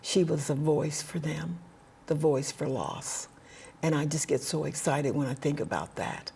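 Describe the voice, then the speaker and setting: A woman guest in an interview, speaking earnestly about faith and helping others, with frequent hesitant pauses. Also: low-pitched, creaky, dark tone, slight background noise. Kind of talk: heartfelt conversational interview.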